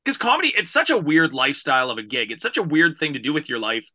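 A man's voice: on the high side, wildly swooping pitch, fast talker, sharp tone. A man hosting a podcast, asking long, winding questions. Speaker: podcast host. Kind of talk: interview questions.

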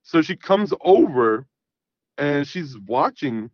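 A man's voice: on the high side, very animated, takes it slowly, no echo. A man telling a long personal story in casual, rambling talk, full of swearing and "I'm like" asides. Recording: dull lo-fi sound.

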